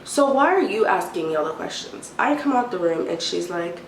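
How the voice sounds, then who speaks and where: A young adult woman telling an exasperated storytime rant, animated and mimicking a timid whisper now and then. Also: on the low side, a little fast, few pauses. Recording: roomy, distant, faint hiss.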